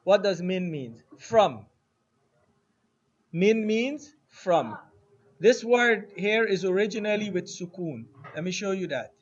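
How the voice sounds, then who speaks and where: Slow, questioning Arabic teacher, lo-fi. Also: male voice, high voice, expressive. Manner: slow, asks students questions and has them repeat words. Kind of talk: classroom lesson. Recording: dull lo-fi classroom recording with faint noise.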